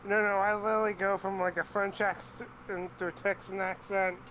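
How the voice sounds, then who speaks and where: A man with a high voice trades self-mocking banter with friends during a game. The talk is loose and casual. Faint noise hisses behind him. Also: level tone, a little fast, bright, forceful tone, lo-fi sound. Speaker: friend in a group playthrough. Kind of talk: casual chat over gameplay.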